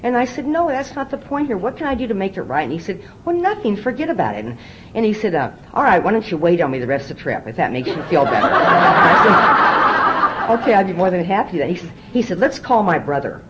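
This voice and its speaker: A woman's voice: fairly low pitch, sing-song, brisk, a bit bright, dull audio, slight background noise. An older woman sharing her story at a recovery meeting, confiding and acting out the dialogue of the people in it. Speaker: AA speaker.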